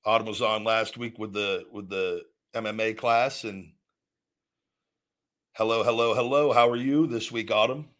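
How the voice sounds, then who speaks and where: Man, call-in host, blunt, swears a lot, bright tense voice. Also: lowish voice, fairly even intonation, moderate pace. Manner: loud, blunt, swears freely. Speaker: podcast host taking callers. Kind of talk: casual profane storytelling.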